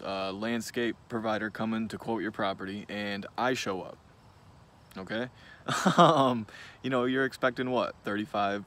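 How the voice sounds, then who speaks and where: Rambling young man with a low voice. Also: a bit bright, a little hiss or hum. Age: 20s. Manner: rambling, frank, many fillers. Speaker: business owner, vlogger. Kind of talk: casual talking-to-camera vlog.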